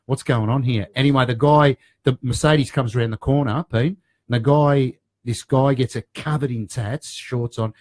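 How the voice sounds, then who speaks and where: A man telling a story in a casual chat. He is lively and jokey and acts out what people said. His voice sits at a middle pitch. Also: normal speed, dry recording. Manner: lively, jokey, tells stories with voiced quotes. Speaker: guest, storyteller.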